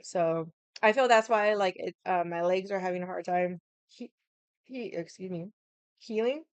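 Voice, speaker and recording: A woman's voice: fairly low pitch, moderate pace, clear, resonant tone, no room sound, lo-fi sound. A young adult woman hosting a livestream, chatting casually and frankly, swearing freely and filling her talk with "like". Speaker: livestream host. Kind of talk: casual chat.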